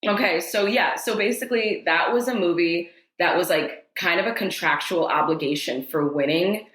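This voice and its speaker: A woman's voice: lowish voice, moderate pace, a bit bright. A woman guest on a podcast, chatting casually and enthusiastically, with a lot of "like" fillers. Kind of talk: casual chat. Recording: echoey room.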